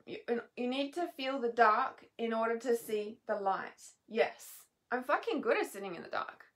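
Woman, slightly high voice, tired and worn, raw swearing monologue, restless and halting. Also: gravelly, a bit bright. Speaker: healer and mentor vlogger. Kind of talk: emotional unscripted monologue. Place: at home, in bed.

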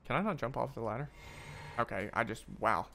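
Excitable man streaming a game. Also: mid-range voice, fairly quick, creaky, slight background noise. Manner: excitable, swearing, talks to the game. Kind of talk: gaming commentary.

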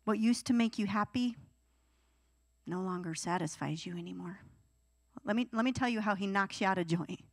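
Young woman preaching at youth service, lively, does whiny teen voices, dry sound. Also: mid-range voice, moderate pace, pauses often, no room sound. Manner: animated, acts out whiny teenage voices. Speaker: youth pastor. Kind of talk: sermon.

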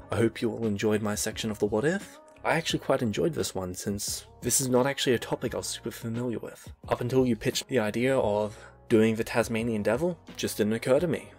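A man speaking casually as a guest narrator, relaxed and friendly as he wraps up. His pitch is ordinary, with faint music behind him. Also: fast. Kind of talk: casual sign-off.

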